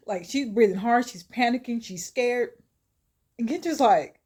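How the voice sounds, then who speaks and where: A woman's voice: fairly high pitch, expressive, unhurried, dark tone. A woman telling a story in a casual, chatty way, with asides to her viewers and frequent laughter.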